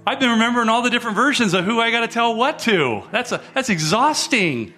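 A middle-aged man preaching as a guest pastor, lively, restarting his sentences and acting out the voices he quotes. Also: extremely high pitch, fast, few pauses, soft background music. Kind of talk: sermon.

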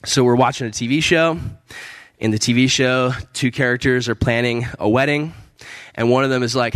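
A man in his thirties, a pastor, telling a personal story in a sermon, chatty and animated, full of fillers, laughing and jumping up in pitch on exclamations. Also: moderate pace, no room sound.

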